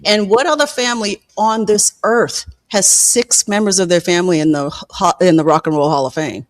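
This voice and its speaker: A film director and producer telling personal stories in a candid, profane way in an interview, acting out quoted people with sudden jumps in pitch. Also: moderate pace, dry recording.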